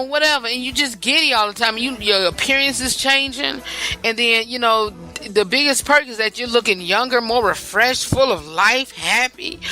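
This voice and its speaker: A woman's voice: fairly high pitch, bright, forceful tone. A woman hosting a podcast, talking in a rambling, chatty way, often repeating herself. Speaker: podcast host. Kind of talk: casual talk-show monologue.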